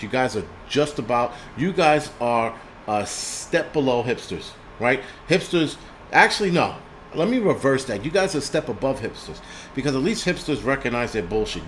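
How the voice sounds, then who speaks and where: A man's voice: medium pitch, a bit bright, a little hiss or hum. A man hosting a livestream, ranting angrily with heavy profanity, restarting and stammering over his words. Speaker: host. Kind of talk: livestream rant.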